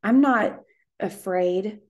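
A woman's voice: medium pitch, very slow. Woman voicing a bossy city tax man. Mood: curt, bossy. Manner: bossy, clipped and authoritative. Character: brusque middle-aged male tax collector.

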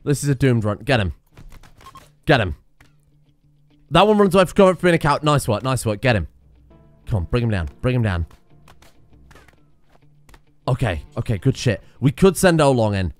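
A young man giving casual, excitable let's-play commentary, swearing and laughing at in-game disasters. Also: mid-range voice, normal speed, long pauses, no echo, faint music behind. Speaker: gaming video host.

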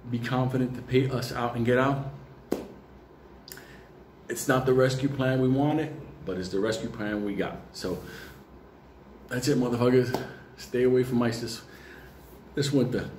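A man with a medium-pitched, slightly mellow voice, a market commentator, rambles casually through a personal story, swearing heavily and often breaking into laughter. Faint ambient noise fills the echoey room.

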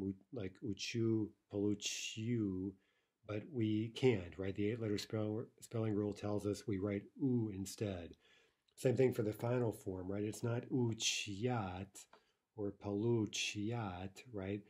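Man, language teacher, online lesson, mellow, husky, explanatory. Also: lowish voice. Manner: explanatory, says "right?" often.

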